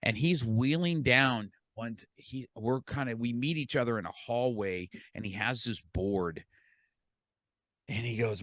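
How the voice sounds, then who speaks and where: Low-voiced man telling a story animatedly. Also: measured pace, no room sound. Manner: animated storyteller, repeats words, quotes himself and others. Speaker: podcast guest. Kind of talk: storytelling in a podcast interview.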